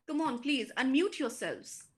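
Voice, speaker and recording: Slow-speaking Indian English woman lecturer. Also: sits high, sing-song. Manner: slow, deliberate explaining with frequent fillers. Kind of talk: online lecture to students.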